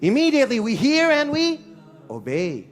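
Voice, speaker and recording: A man preaching a lively sermon to a live audience in a hall, mixing Arabic phrases into his English. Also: very high-pitched, normal speed, soft background music. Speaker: Islamic preacher. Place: hall with a sound system and echo.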